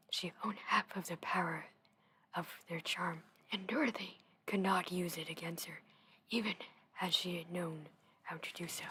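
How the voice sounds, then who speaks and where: A young woman reading a storybook in a soft whisper into a close mic, with casual chatty asides. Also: lowish voice, slight background noise. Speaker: gaming video host reading aloud.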